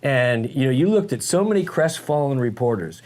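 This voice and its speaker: A man co-hosting a casual political talk show, telling stories in a folksy, animated way and slipping into quoted voices. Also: medium pitch, normal speed. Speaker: co-host.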